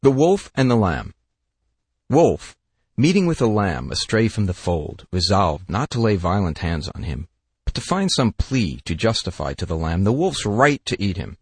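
Low husky male fable narrator, very expressive, dry close mic. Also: normal speed, dry recording. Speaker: fable reader. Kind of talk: storybook narration.

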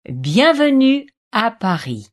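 A woman voicing model phrases for a language course with careful, deliberate enunciation. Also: fairly high pitch, big pitch swings. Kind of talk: slow model pronunciation.

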